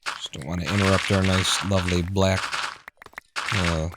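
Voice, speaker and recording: A man's voice: sits low, flat delivery, moderate pace. A man streaming a video game, talking casually and muttering to himself as he plays, over a noisy recording. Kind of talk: casual gameplay commentary.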